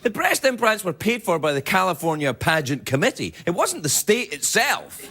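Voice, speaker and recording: A man's voice: high-pitched, big pitch swings, moderate pace. A man hosting a late-night talk show, delivering a jokey comic monologue with self-mocking asides in a TV studio. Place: TV studio with live audience. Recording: loud studio audience laughter and noise.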